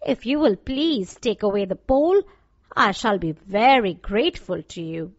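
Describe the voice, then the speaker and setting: A woman voicing a gentle, friendly male scarecrow who speaks slowly and earnestly in a storybook reading. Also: medium pitch, expressive, dry recording, lightly acted. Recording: dull dry lo-fi recording.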